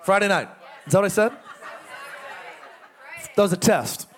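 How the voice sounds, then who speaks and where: A somewhat high-voiced middle-aged man pastoring a church, a little worn from jet lag. He jokes playfully at his own expense and keeps switching from easy chatter to loud, emphatic bursts. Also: expressive, moderate pace. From United States. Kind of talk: joking church welcome and announcements. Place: church auditorium before a congregation.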